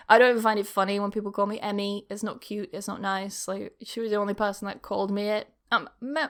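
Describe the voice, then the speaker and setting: A woman's voice: medium pitch, a bit bright, clear, resonant tone. A young woman hosting a podcast, telling personal stories in a rambling, casual, confessional way, laughing often. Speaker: podcast host. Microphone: camera recording.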